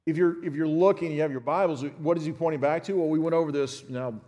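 A man's voice: a little high, fast talker, warm tone, in a large hall. A man in his fifties giving a sermon as a pastor, teaching in a conversational way and speaking straight to his congregation. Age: 50s. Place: church sanctuary.

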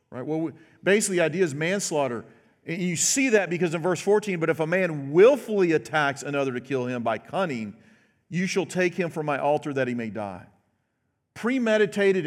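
A pastor giving a sermon in a conversational way, often checking in with "right?". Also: male voice, on the high side. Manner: conversational preaching with frequent tag questions. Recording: long hall reverb.

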